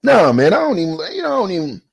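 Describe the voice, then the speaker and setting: A man's voice: sits high, wildly swooping pitch, racing, gravelly, husky. A man in his forties ranting in a response video, heated and profane, with a street-preacher cadence. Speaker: YouTube commentator.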